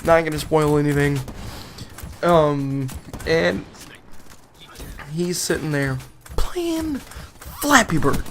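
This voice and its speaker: A man's voice: fairly high pitch, animated, takes it slowly, long pauses, a bit bright, soft background music. A young man casually telling a rambling, exasperated story on his vlog, often laughing as he goes. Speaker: gaming channel vlogger.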